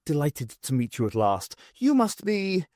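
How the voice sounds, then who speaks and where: A man voicing a short, intense male stranger with a Scottish accent, a smooth fast-talking bluffer, in an audiobook. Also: on the high side, wildly swooping pitch, a little mellow, dry recording, studio quality. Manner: smooth, rattling off sentences at great speed.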